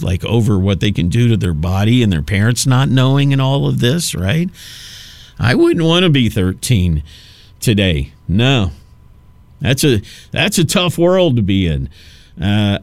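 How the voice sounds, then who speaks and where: A man's voice: medium pitch, no room sound. A man in his fifties hosting a talk radio show, rambling through a casual monologue with many restarts and asides. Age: 50s.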